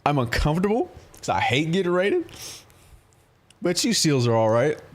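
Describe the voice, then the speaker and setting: A man's voice: fairly high pitch, very animated, normal speed. Profane, rambling male streamer. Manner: profane, rambling storytelling, often laughing. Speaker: live streamer. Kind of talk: casual livestream chat with viewers.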